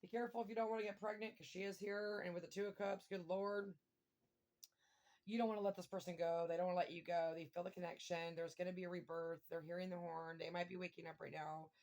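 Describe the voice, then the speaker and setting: A woman giving a casual tarot reading, thinking aloud and breaking into excited exclamations and mild swearing. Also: on the low side, fast talker. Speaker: tarot reader.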